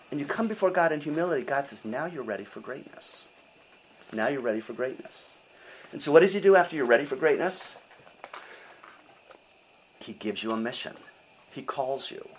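An older man preaching a sermon in an animated, conversational way, often asking his listeners questions. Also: a little high, a little hiss or hum, poor audio.

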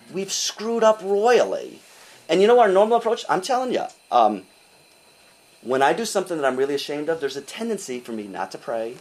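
An older man preaching a sermon in an animated, conversational way, often asking his listeners questions. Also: fairly high pitch, rough recording.

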